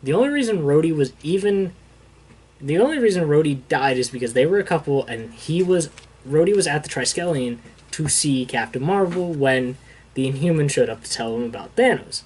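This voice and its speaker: A man's voice: on the high side, lively intonation, a little fast, a little mellow, slightly rough. A young man casually recapping a comic book issue, rambling with fillers and acting out the characters' lines as he quotes them. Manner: rambling retelling with filler words and quoted dialogue.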